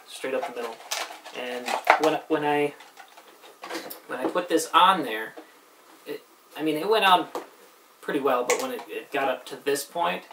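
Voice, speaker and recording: A man demonstrating how he builds a costume, talking casually and haltingly, breaking off mid-sentence as he works with his hands. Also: mid-range voice. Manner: halting, thinks aloud while working with hands. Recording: roomy, distant, loud background noise.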